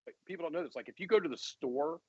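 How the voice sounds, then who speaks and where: A man's voice: on the high side, fast, darkish tone, husky, no echo, muffled recording. A man co-hosting a podcast, telling rambling stories in casual banter. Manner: rambling, storytelling, laughs a lot. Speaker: podcast co-host.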